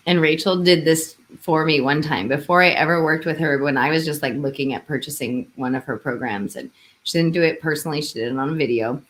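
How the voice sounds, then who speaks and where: A woman coach on a live stream, talking gently and hesitantly as she guides listeners through a short reflection. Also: deep voice, brisk. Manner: gentle, hesitant, yawning at times. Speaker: intuitive coach.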